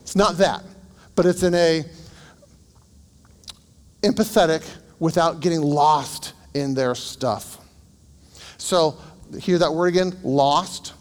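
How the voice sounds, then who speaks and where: A man's voice: fairly high pitch, takes it slowly, pauses often, darkish tone, long reverb tail. Candid male counselor teaching a group. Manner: candid, anecdotal, questions to the group. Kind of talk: conversational teaching.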